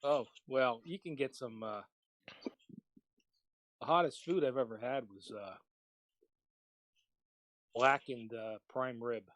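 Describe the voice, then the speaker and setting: A man's voice: mid-range voice, takes it slowly, pauses often, fairly bright tone, no echo. A man with a mid-range voice trades playful, teasing banter on a voice call. His audio is dry and close, with no room sound. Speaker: call participant. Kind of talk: casual chat on a voice call.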